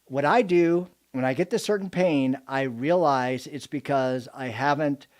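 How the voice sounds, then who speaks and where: A man's voice: mid-range voice, measured pace, lightly acted. Earnest female life coach, as a man quotes her. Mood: advising.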